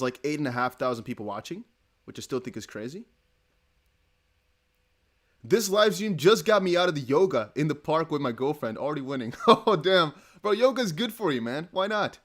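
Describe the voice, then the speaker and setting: Chatty young man hosting a livestream. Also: on the high side. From Netherlands. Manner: chatty, laughing, rambling with restarts. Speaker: crypto livestream host. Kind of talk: casual livestream chat reading donations.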